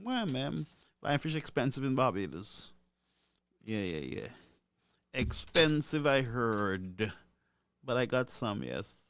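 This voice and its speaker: A man's voice: medium pitch, sing-song, takes it slowly, pauses often, fairly bright tone. A man hosting a call-in radio show, joking and greeting listeners by name. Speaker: radio call-in host and pastor. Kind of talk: casual call-in radio chat.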